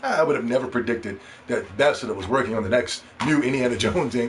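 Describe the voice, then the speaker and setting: A man hosting a casual gaming podcast, ranting in an animated, profane way and mocking others in put-on voices. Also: medium pitch, brisk, a little hiss or hum. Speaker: podcast host.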